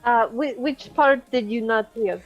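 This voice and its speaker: Woman player, higher voice, halting in-character lines, dull lo-fi mic, faint music. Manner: hesitant, with stammers and restarts. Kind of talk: in-character tabletop role-play.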